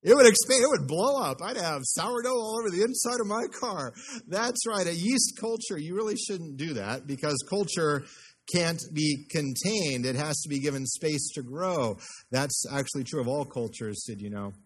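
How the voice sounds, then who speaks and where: A man's voice: fairly high pitch, lively intonation, normal speed, husky. An American man, a pastor, preaching a sermon in a church, speaking conversationally and putting questions to the congregation. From United States.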